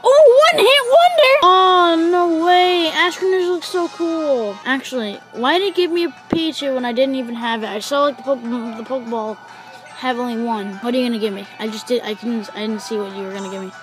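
A young woman giving let's-play commentary, excitable, gasping, swearing and shouting at the game. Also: fairly high pitch, fast, over music, rough recording. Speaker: gaming YouTuber.

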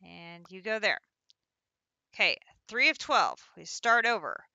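Bright, lively woman streamer. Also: medium pitch, measured pace, gravelly, no room sound, muffled recording. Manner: chatty, talks to herself while counting and placing items. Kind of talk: live gameplay commentary.

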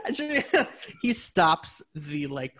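A man's voice: fairly high pitch, very animated, takes it slowly, pushed and bright. A young man co-hosting a podcast, chatting casually and joking with lots of laughter. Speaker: podcast co-host. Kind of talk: casual chat.

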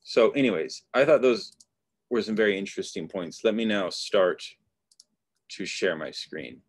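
A man hosting an online study group over a video call, talking in a thoughtful, halting way with fillers and restarts. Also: on the low side, expressive, breathy edge, no room sound, clean studio sound.

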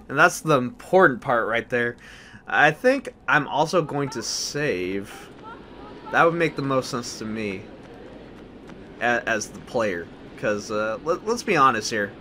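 A young man hosting a blind let's play, rambling and flustered, with many restarts when he gets excited. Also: fairly high pitch.

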